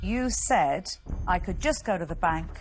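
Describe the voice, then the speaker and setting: A woman's voice: fairly low pitch, expressive, measured pace, slight background noise. A woman investor pressing hard with pointed questions.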